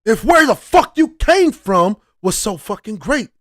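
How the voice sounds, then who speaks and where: A man's voice: sits high, big pitch swings, unhurried, fairly bright tone, dry recording, studio quality. A man giving casual reaction commentary as a channel host, heated and profane, often restarting his sentences.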